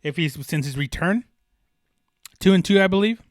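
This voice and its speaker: A man's voice: sits high, lively intonation, normal speed, no room sound, studio quality. A man hosting a solo sports podcast, talking with passion and emphasis, often restarting his sentences. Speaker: podcast host.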